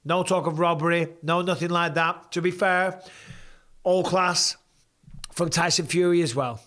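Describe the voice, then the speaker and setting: A man's voice: fairly high pitch, fairly even intonation, a little slow, a bit bright. Tired man hosting a live reaction stream. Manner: blunt and chatty, swears freely, reads viewer comments aloud. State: tired after hours of talking. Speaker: host of a live fight watch-along stream.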